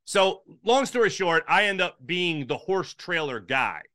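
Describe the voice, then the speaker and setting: A sports broadcaster from Philadelphia, appearing as a podcast guest, tells a backstage sports story in a casual, chatty way. His voice is bright and forceful, a little high for a man, with a sing-song lilt and a measured pace, and his pitch jumps up whenever he acts out someone else's lines. The recording is dry and close-miked, with no room sound.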